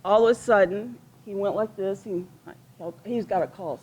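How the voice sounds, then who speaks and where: At an outdoor memorial gathering, a middle-aged woman whose police officer husband fell tells personal stories in a mid-range, darkish, slightly rough voice at normal speed. She rambles with heartfelt feeling and often restarts.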